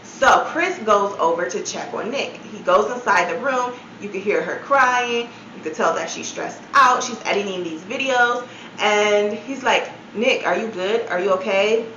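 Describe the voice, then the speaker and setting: A woman at a mid pitch recounts a story in a casual storytime style, dropping "like" every few words and breaking off for disbelieving asides. Her voice bounces around a roomy space, and the sound is a little dull, as if from a modest mic. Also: animated, unhurried, sharp tone, slight background noise. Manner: chatty, many "like" fillers, incredulous asides. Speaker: storytime vlogger.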